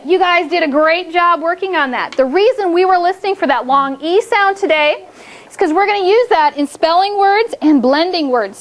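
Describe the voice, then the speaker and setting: High-voiced upbeat woman teaching kids. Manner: upbeat, encouraging, drawn-out modelling of words. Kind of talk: classroom phonics lesson. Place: classroom with small group of children.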